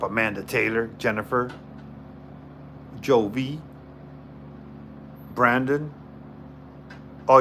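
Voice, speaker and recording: A man's voice: mid-range voice, fairly bright tone, a little hiss or hum. A man hosting a casual live stream on his phone, chatting with viewers, greeting them by name, and repeating himself as he goes. He says he is tired.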